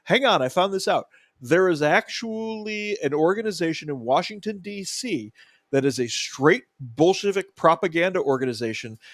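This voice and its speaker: A man's voice: a little high, lively intonation, moderate pace, no room sound, clean studio sound. A middle-aged American man co-hosting a casual political talk show, blunt and profane, reading articles aloud with sarcasm. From United States. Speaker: co-host.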